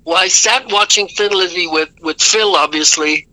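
High, bright-voiced man. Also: moderate pace, no echo, poor audio. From Ireland. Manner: rambling, self-correcting anecdotes with laughs. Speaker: guest musician. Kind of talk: casual storytelling interview.

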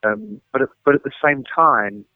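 A man, a rock journalist, telling animated anecdotes as an interview guest and acting out the people in his stories, heard over a phone line. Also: medium pitch, moderate pace, no room sound. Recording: dry, tinny phone line.

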